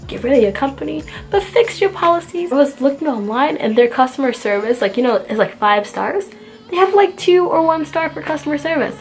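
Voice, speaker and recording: Young woman ranting her storytime, exasperated and animated, higher voice, bit of music behind. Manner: animated, exasperated, acts out the dialogue. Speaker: vlogger. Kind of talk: storytime rant.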